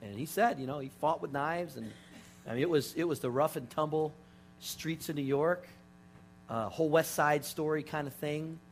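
A pastor telling a story in a sermon, animated and full of restarts. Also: male voice, a little high, moderate pace, faint music behind. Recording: steady mains hum underneath.

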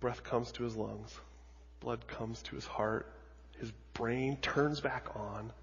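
A man preaching a sermon as a pastor, telling the story dramatically with lots of repetition and moving between hushed and loud delivery. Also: mid-range voice, fairly even intonation, slow pace, vocal fry, slightly rough. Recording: dull audio with long hall reverb.

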